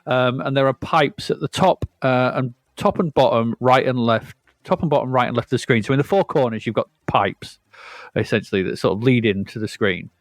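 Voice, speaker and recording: A man's voice: mid-range voice, fairly quick, dry recording. Chatty man, dry close sound. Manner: rambling, self-correcting, chatty. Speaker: podcast co-host. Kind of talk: casual retro gaming chat.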